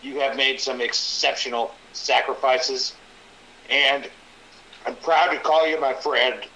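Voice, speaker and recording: Earnest, bright-voiced older man. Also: mid-range voice, steady tone, slow, dull audio, slight background noise. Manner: earnest, emphatic, folksy. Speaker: podcast guest. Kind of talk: casual live-stream chat.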